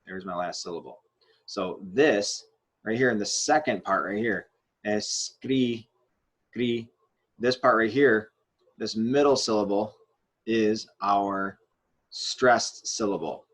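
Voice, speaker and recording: A man with a fairly low voice gives a grammar lesson. He explains step by step as he writes on a board, often pausing with fillers and restarting his sentences. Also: a bit bright, breathy edge. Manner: writes on a board while talking. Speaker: Spanish teacher.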